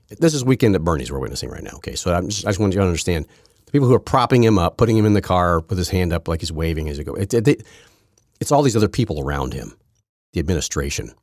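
Male podcast host, low husky voice, lively pitch, sarcastic rambling delivery. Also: no room sound, studio quality. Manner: rambling, sarcastic, frequent restarts. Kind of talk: casual political commentary.

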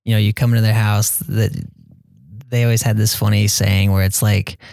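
A young man talking casually as an interview guest about his mission, hesitant, with many pauses and fillers. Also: on the low side, level tone, vocal fry, no room sound. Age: young adult. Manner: soft-spoken, hesitant with many ums, quotes people in a raised voice.

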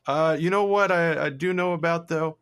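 A man's voice: on the high side, normal speed, a bit bright, smooth. Crude, laid-back young man podcaster. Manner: crude, laughing, easygoing. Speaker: podcast co-host. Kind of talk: casual comedy podcast chat.

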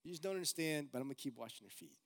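A man voicing Jesus as a calm, gentle teacher who speaks in a soft, reassuring way. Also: a little high, racing, big-room sound.

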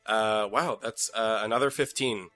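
A man playing a tabletop game, talking quickly and haltingly with many likes. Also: fairly low pitch, sharp tone, faint music behind. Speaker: player. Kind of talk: casual chat.

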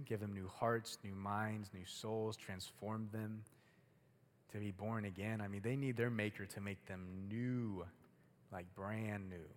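A young man preaching a casual, chatty sermon to a youth group, using a lot of filler words. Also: on the low side. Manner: casual, chatty, heavy use of "like". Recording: long hall reverb.

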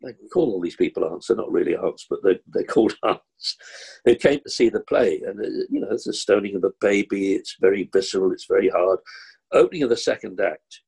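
Gravelly-voiced older actor telling stories. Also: male voice, lowish voice, a little fast. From Kilburn, London. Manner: animated, acts out the people in his anecdotes. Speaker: actor, interview guest. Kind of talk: anecdotal storytelling.

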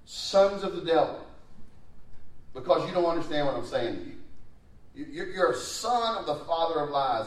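A man, a pastor preaching a sermon in a conversational way, his pace and loudness rising and falling. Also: mid-range voice. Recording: echoey room, mic at a distance.

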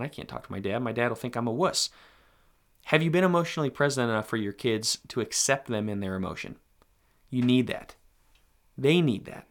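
A man hosting a podcast, giving earnest, direct advice to fathers in a conversational monologue. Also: medium pitch. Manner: earnest, direct, speaks to fathers in second person. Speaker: podcast host.

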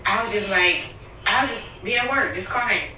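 Woman, confiding and emotional storytelling, bright voice, heavy room echo, distant mic. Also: mid-range voice, moderate pace, a little hiss or hum. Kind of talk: candid family conversation.

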